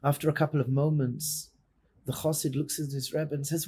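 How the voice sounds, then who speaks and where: A man, a rabbi, telling a story in a sermon, dramatic and swinging between loud and hushed passages. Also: on the high side, flat delivery, a little fast, husky.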